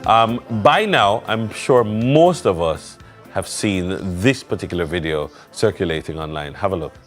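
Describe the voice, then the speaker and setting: A male morning show host, chatty and lively. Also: low voice, unhurried, faint music behind. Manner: lively, chatty, laughs easily. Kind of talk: morning TV chat.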